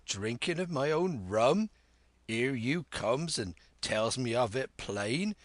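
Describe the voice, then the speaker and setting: A man's voice: mid-range voice, fairly bright tone, no echo, full character voice. A man voicing a cunning one-legged old sea cook who blusters in salty sailor slang. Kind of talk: audiobook character reading.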